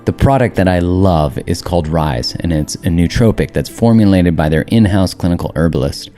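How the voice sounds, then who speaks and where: A man's voice: low-pitched, normal speed, mellow, faint music behind. A man hosting a podcast, reading a sponsor message with enthusiasm. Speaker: podcast host. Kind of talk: read sponsor ad and interview.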